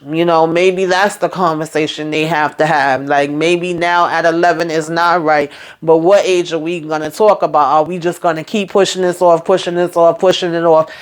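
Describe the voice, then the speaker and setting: A woman chatting casually through a TV episode recap, retelling scenes in a lively, filler-filled way. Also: deep voice. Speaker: TV show recap vlogger.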